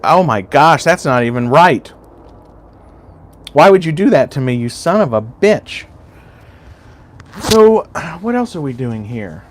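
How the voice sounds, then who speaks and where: A man's voice: on the high side, slight background noise. A man hosting a casual livestream, rambling loosely and swearing freely while he chats with viewers. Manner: rambling and profane, chatting to chat. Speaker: YouTube livestream host.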